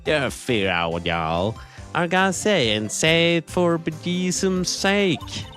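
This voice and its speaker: A man's voice: on the high side, sing-song, slow, fairly bright tone, faint music behind, pitched above the performer's own voice, heavily acted. A man voicing a brash young woman photographer with a Southern accent, talking in a sassy, bossy drawl while reading game dialogue. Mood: feisty. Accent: American Southern.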